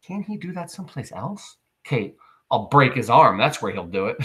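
A weary aunt of thirty-eight with a splitting headache, as a man reads her aloud. She speaks quietly and sounds strained. Her pitch moves freely. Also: big pitch swings, moderate pace.

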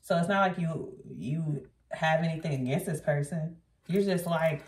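Low-voiced woman doing a tarot reading. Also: normal speed, a little mellow, far from the mic. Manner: blunt, chatty, swears freely. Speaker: tarot reader. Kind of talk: casual tarot reading to viewers. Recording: roomy echo, voice off-mic.

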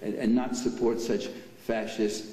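An older man gives a political speech at a banquet, sarcastic and heavy with mocking asides, yet his delivery is flat at a measured pace. His voice is lowish and dark. Sound comes from a distance in an echoey banquet hall.

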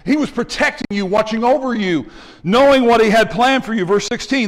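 Speaking in a very high-pitched voice at a slightly fast pace, a male pastor preaches a sermon in a church sanctuary, the sound carrying a big-room feel. He teaches animatedly, calling out to the congregation as he goes.

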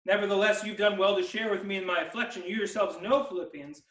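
High-voiced pastor in an echoey hall. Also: male voice, fairly even intonation, a bit bright, far from the mic. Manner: emphatic, slows down to stress key words. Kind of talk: expository sermon. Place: church sanctuary.

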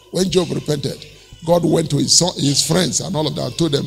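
A man's voice: on the high side, steady tone, normal speed, vocal fry, long reverb tail, soft background music. A Nigerian man preaching a sermon as pastor, retelling a story animatedly with laughter.

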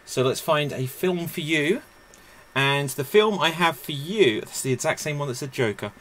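A man's voice: on the high side, animated, normal speed, a bit bright. A man hosting a live-streamed improv show, chatty and self-mocking.

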